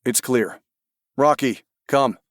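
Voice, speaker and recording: A male narrator voicing a dog handler in search and rescue, who speaks calmly, firmly and to the point. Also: medium pitch, slow pace, dry recording, clean studio sound, natural voice. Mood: steady.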